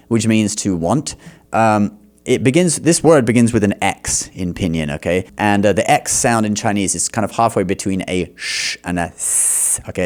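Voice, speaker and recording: A man teaching Chinese in reaction commentary. He explains patiently, slows down to model words and often checks in with "okay?". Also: lowish voice. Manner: explanatory, repeats words slowly to demonstrate; frequent laughs and checking "okay?".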